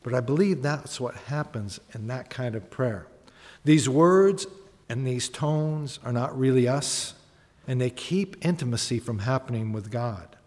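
A man's voice: medium pitch, measured pace, darkish tone. A man preaching a sermon as a pastor, talking conversationally, asking the congregation questions and acting out honest prayers. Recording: long hall reverb.

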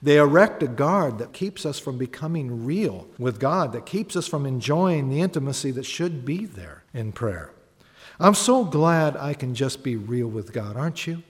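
A man's voice: mid-range voice, lively intonation, normal speed. A man preaching a sermon as a pastor, talking conversationally, asking the congregation questions and acting out honest prayers. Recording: long hall reverb.

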